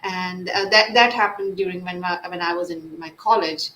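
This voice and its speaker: A woman psychologist being interviewed, speaking softly with many fillers and restarts. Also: fairly low pitch, little pitch movement, moderate pace. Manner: soft-spoken, frequent fillers and restarts. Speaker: guest psychologist. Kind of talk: live interview. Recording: echoey room with faint noise.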